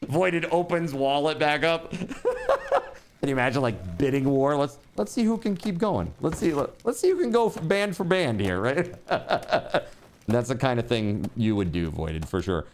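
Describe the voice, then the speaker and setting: Man on a live stream, mid-pitched voice, very animated, loud laughing outbursts, casual swearing. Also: moderate pace, a little hiss or hum. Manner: excitable, bursts into laughter and shouting; casual, swears, says dude and bro. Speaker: livestreamer. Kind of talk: live stream donation reading.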